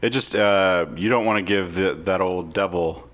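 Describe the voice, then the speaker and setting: A man's voice: low voice, moderate pace, fairly bright tone. A man co-hosting a casual podcast, wry and sarcastic, laughing often as he talks. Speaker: podcast co-host, social worker.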